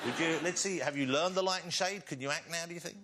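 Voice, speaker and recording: A man's voice: on the high side, fast. A man hosting a television chat show, teasing his guests and laughing along with them. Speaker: talk show host. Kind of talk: chat show banter and links. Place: studio with audience. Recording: loud audience laughter and noise.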